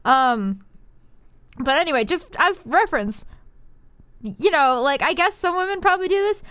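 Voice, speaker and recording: High-voiced young woman, giggly reader. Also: lively intonation, moderate pace, a bit bright, no room sound. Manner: giggly, self-deprecating asides. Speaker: video host reading fan fiction. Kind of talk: comedic reading with commentary.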